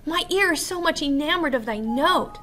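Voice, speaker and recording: A woman reading the lines of an enchanted fairy queen in a soft, pleading recitation. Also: high-pitched, lively intonation, normal speed, pitched above the performer's own voice. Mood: enamored.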